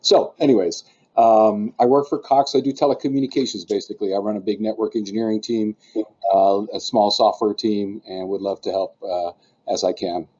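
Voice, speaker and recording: A man's voice: on the low side, level tone, fairly quick, dark tone. A man introducing himself on a video call in a rambling, self-deprecating way. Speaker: network engineering manager. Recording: muffled video-call audio.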